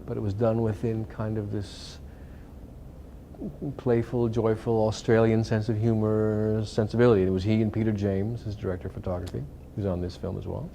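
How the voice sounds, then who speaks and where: A man's voice: lowish voice, little pitch movement, moderate pace, vocal fry, mellow, a little hiss or hum. A middle-aged man, an actor talking casually and reflectively in an interview, with many fillers and restarts. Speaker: actor interviewed about a film.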